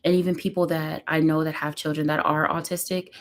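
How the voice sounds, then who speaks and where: A woman's voice: sits low, flat delivery, fairly quick. A woman, a mother and vlogger, talking candidly and emotionally at home on a casual live stream, rambling with lots of fillers.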